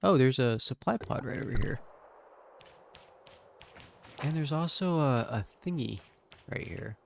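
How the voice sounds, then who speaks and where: A man streaming a game late at night, talking to himself in a relaxed, muttering way and sounding sleepy. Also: medium pitch, vocal fry, a little hiss or hum. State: sleepy, yawning. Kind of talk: casual gameplay commentary.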